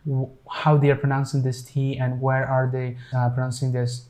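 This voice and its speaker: A man teaching pronunciation, explaining in short halting phrases and repeating each example word several times. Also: mid-range voice, completely flat delivery, a little mellow. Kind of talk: pronunciation lesson.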